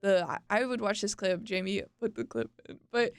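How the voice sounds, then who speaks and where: A woman's voice: mid-range voice, moderate pace, clear, resonant tone. A young woman co-hosting a podcast, chatting casually, laughing and tripping over names as she explains a topic. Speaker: podcast co-host.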